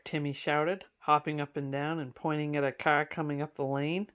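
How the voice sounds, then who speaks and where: A woman's voice: low-pitched, level tone, moderate pace, few pauses. A woman reading an old children's book aloud to listeners, adding chatty asides between passages.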